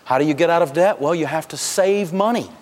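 A man with a slightly high voice speaks briskly while teaching a live personal finance seminar, the sound carrying a long hall reverb. He tells funny stories and laughs through his jokes as he drives home his points.

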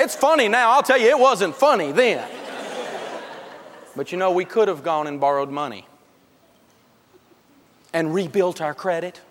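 A man with a bright, high-pitched voice leads a live money class, an animated storyteller who chuckles through his own jokes. His voice carries a long reverb, as if it were filling a big lecture hall. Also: noisy background. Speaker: personal finance teacher and radio host. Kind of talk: humorous live seminar teaching.

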